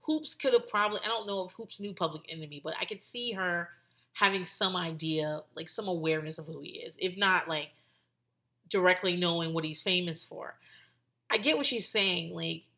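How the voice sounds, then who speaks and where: A woman's voice: fairly low pitch, moderate pace, bright, forceful tone. A woman hosting a podcast in casual chat, talking in a loose, rambling way full of "like" and restarts and swearing freely. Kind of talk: casual commentary.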